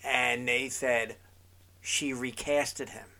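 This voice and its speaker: A man's voice: medium pitch, steady tone, takes it slowly, bright, forceful tone. A man co-hosting a podcast, chatting casually in an easygoing, agreeable way with frequent ums. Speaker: podcast co-host. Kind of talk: casual recap chat.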